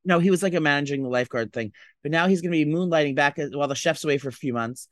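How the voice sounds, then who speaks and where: A man talking fast in a dry, close-miked room. He co-hosts a casual podcast and gossips with dramatic flair. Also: on the high side, a bit bright, no echo. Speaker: podcast co-host. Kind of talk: casual chat.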